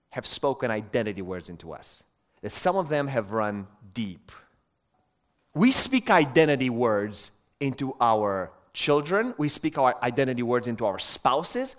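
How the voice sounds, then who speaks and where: A middle-aged man preaching a sermon, telling stories in an emphatic, animated way. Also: mid-range voice.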